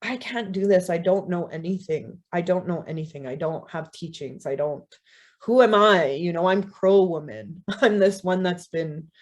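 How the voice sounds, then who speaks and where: A woman's voice: on the low side, normal speed, close to an everyday voice. A woman voicing a self-doubting woman in a told story, speaking hesitantly and unsure of herself. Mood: doubtful.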